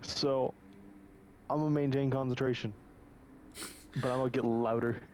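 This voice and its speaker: A man playing a tabletop game, speaking quietly and hesitantly about his character's moves. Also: medium pitch, steady tone, normal speed, a little hiss or hum. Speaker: player.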